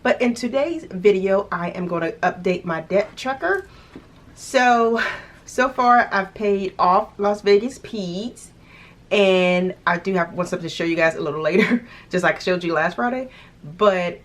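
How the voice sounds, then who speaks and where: A woman's voice: fairly low pitch, a bit bright. A woman vlogging casually about paying off her debt, thinking aloud with restarts, little laughs and a touch of hiccups. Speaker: budgeting vlogger. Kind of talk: casual vlog talk to camera.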